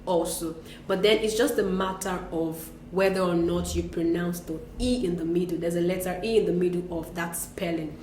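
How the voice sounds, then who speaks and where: A woman teaching French greetings in a relaxed lesson, patiently explaining and repeating example phrases. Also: on the low side, normal speed, hardly any pauses, roomy sound, slight background noise. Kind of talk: conversational language lesson.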